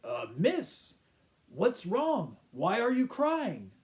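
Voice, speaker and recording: Brief: storybook figure, gentle lonely man with smelly feet, voiced by a man with a mellow, lively tone. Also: high-pitched, drawn-out words, voice pushed up, exaggerated voice.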